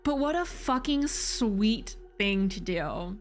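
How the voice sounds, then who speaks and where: A woman's voice: medium pitch, slow. Chatty woman streamer over faint music. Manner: chatty and animated, swears casually. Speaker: game streamer. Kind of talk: casual let's-play commentary.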